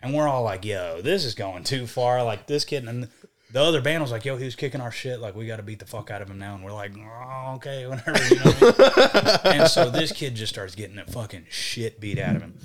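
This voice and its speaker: A young man spins a wild tour story in loose, casual podcast talk. He swears constantly and jumps into voices to act out what everyone said. His pitch sits in an ordinary middle range. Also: a little fast. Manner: profane, animated, acts out quotes. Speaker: podcast guest, band vocalist.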